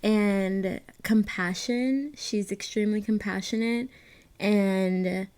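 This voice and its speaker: Woman, podcast guest, casual chat, candid, laughs often, mid pitch. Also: fairly even intonation, slow pace, darkish tone, clear, resonant tone. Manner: many fillers and restarts while thinking.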